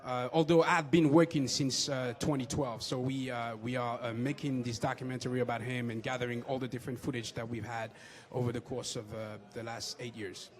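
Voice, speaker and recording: French-accented man, halting filmmaker. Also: mid-range voice, level tone. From France. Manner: hesitant, many fillers. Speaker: filmmaker guest. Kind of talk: casual interview.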